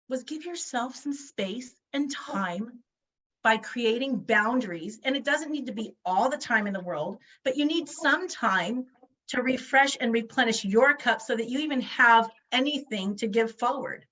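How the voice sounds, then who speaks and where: A woman's voice: a little high, animated, a little slow, a bit bright, lo-fi sound. A woman in her forties giving a motivational talk over a video call, emphatic and full of rhetorical questions. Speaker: guest speaker.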